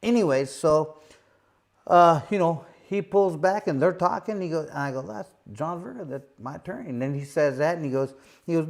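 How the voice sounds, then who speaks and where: A middle-aged former boxer hosting a live show spins out a long, casual story in a slightly high, gravelly voice at a moderate pace. He's animated, crams in lots of fillers, and acts out the quotes in character.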